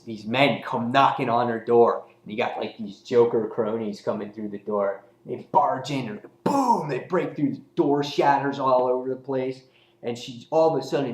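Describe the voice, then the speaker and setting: Rambling man reviewing comics, echoey room. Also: medium pitch. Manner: rambling, lots of fillers and restarts. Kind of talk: casual spoken review.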